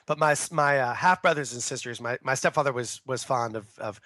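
A man's voice: mid-range voice, a little fast, sharp tone, dry recording. A man co-hosting a comedy podcast, reading odd news stories aloud with wry asides and chatting casually. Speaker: podcast co-host.

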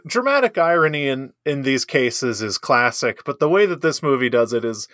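A man's voice: medium pitch, sing-song, moderate pace, a bit bright, no room sound, clean studio sound. A man co-hosting a casual movie review chat, enthusiastic and emphatic, laughing often. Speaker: podcast co-host.

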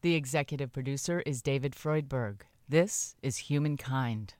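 A woman reading a scripted radio announcement with ordering details, clearly and deliberately. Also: very deep voice, darkish tone, dry recording, studio quality. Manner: clear, deliberate reading of numbers and web address. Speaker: program announcer.

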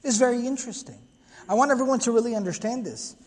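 A man's voice: extremely high pitch, quick pace, big-room sound. A man giving an earnest religious history lecture, explaining at length and quoting Arabic passages. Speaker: Islamic lecturer.

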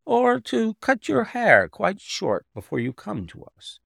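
A man reading an audiobook, voicing a fussy, odd gentleman employer who coaxes in a persuasive way. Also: high voice, huge pitch swings, unhurried, creaky, no echo, studio quality, voice pushed up, heavily acted. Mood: coaxing.

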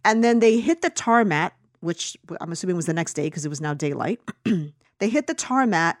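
A woman's voice: on the low side, lively intonation, a little fast, no echo, clean studio sound. A woman chatting casually and ranting about a film, full of fillers and restarts. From United States. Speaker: podcast co-host reviewing a film. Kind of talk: casual opinionated chat.

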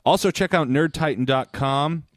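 A man's voice: a little high, moderate pace, no room sound, studio quality. A man hosting a podcast, chatting casually in an upbeat, jokey way. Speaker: podcast host and audiobook narrator. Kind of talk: casual chat.

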